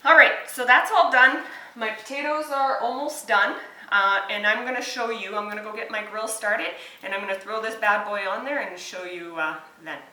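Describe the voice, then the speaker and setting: Woman, 30s, home-cook vlogger, earnest and chatty, bright tone, recorded in a roomy kitchen a little off-mic. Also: medium pitch, moderate pace, far from the mic. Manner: chatty, earnest, thinks aloud with fillers. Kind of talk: casual cooking vlog. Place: home kitchen and backyard grill.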